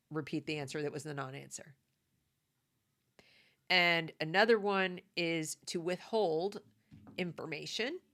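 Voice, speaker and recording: Lower-voiced woman, emphatic commentary monologue, conversational and repetitive. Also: a bit bright. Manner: emphatic, conversational, repeats points.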